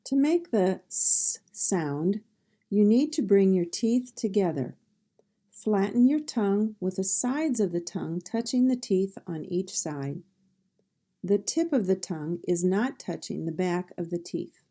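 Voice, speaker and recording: A woman with a Midwestern American accent teaching pronunciation, sounding out each phoneme and word carefully in a slow drill. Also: medium pitch, expressive, mellow. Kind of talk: slow instructional speech drill.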